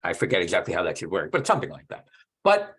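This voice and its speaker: Husky-voiced man, animated delivery, working through math ideas out loud with halting restarts. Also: deep voice. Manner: thinking aloud, halting and restarting. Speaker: mathematician discussing research. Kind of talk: casual technical conversation.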